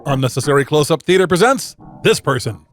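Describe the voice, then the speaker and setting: A man's voice: fairly high pitch, expressive, fairly quick, faint music behind. A man riffing over a movie with mock announcer-style pronouncements, as a comedy riffer.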